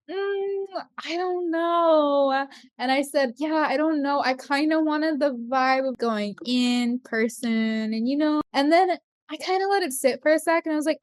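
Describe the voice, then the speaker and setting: A young adult woman hosting a podcast, telling a story in casual chat and acting out the quoted voices with big leaps in pitch. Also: no room sound, studio quality. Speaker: podcast host.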